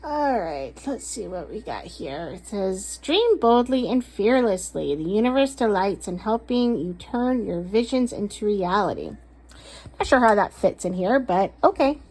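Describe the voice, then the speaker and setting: A woman's voice: medium pitch, expressive, darkish tone. Blunt, swearing woman tarot reader. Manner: blunt, ranting, swears a lot; emphatic, stresses words slowly. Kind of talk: casual tarot reading vlog.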